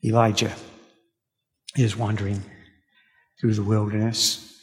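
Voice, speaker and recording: Male pastor, sermon, storytelling, halting restarts, mid pitch, hall reverb. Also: steady tone. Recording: long reverb of a large hall.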